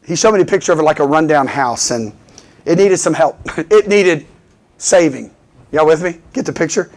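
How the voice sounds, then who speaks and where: Fervent preacher man, fairly high voice. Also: normal speed. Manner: animated, fervent, repeatedly asks for "Amen". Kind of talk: sermon with call-and-response.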